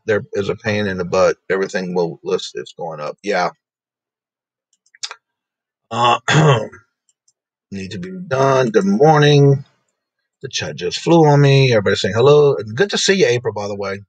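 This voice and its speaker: Guy hosting a live stream, kinda husky, dry close sound, says hi to everyone in chat. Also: lowish voice, expressive, moderate pace, long pauses, no echo, poor audio. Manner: greets chat viewers by name, laughs often. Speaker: livestream host.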